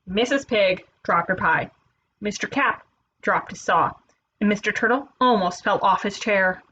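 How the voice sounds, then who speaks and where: A woman teacher reading a children's picture book aloud, playful and expressive. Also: medium pitch, unhurried, highs cut off, a little hiss or hum.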